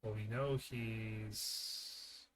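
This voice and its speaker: A man's voice: fairly low pitch, fairly even intonation, drawn-out words, background noise. A man streaming a game live, thinking aloud and muttering his guesses as he works through a puzzle.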